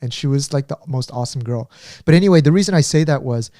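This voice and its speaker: A man's voice: mid-range voice, fast, warm tone, no room sound, clean studio sound. A man in his thirties co-hosting a podcast, telling a story in casual chat and rambling with many fillers and restarts.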